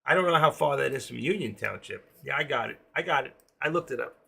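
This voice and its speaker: Gravelly older New York man. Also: mid-range voice, expressive, fast, bright, forceful tone. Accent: New York, with a trace of Florida. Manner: chatty, jokey, talks to viewers while trading. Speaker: trading live-stream host. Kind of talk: casual live-stream commentary. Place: home.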